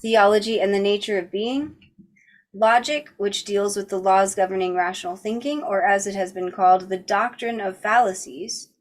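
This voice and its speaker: In a mid-range voice and at a moderate pace, a woman hosting a book club reads a philosophy text evenly aloud. She breaks off here and there for chatty, casual comments.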